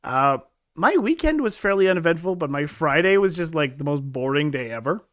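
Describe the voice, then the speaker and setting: Male podcast host, fairly high voice, dry close sound, deadpan anecdotes. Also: fairly quick, no room sound. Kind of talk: casual chat, storytelling.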